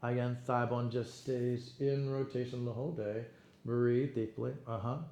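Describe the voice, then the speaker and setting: Male fitness instructor, mellow voice, cueing reps with praise; roomy room, faint background hiss. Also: mid-range voice, level tone, measured pace. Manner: encouraging, counts reps, frequent praise. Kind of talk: guided exercise class cueing.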